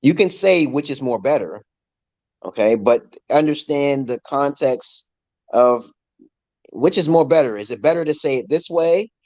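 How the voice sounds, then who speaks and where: A man's voice: medium pitch, lively intonation, a little mellow. Patient New York man teaching English. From Brooklyn, New York, USA. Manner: patient, repetitive, drawn-out explanations. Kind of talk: casual live-stream English tutoring.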